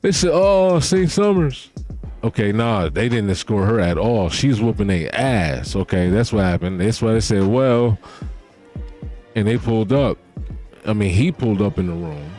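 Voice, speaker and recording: A man's voice: fairly low pitch, moderate pace, darkish tone, faint music behind. A man giving casual reaction commentary on a manga chapter, talking loosely in slangy, profane speech.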